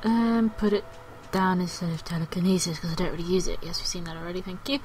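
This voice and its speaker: A woman's voice: fairly low pitch, fairly even intonation, fast talker, darkish tone, slight background noise, poor audio. Chatty woman playing a game. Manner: chatty, exclaiming, playful. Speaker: gaming video host. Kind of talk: casual game commentary.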